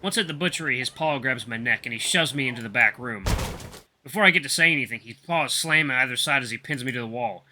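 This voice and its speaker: A man reading a story game aloud in expressive first-person narration. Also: medium pitch, fast.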